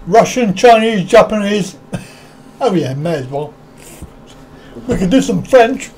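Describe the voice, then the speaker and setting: A man's voice: high-pitched, animated, a little slow, darkish tone, slight background noise. A man hosting a casual live stream, rambling, chuckling often and answering viewers' comments one by one.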